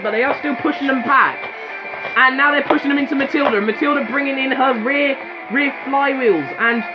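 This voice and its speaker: A young man giving casual, joking fan commentary on robot fights. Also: very high-pitched. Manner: joking, chatty, excitable asides. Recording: slightly dull lo-fi sound with music behind.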